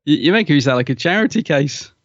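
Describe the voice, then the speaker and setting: A man chats as a podcast co-host, animated and a bit self-deprecating, and he acts out quoted lines. The recording is dry and a touch muffled. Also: on the high side, fast talker, dry recording. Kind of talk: casual podcast chat.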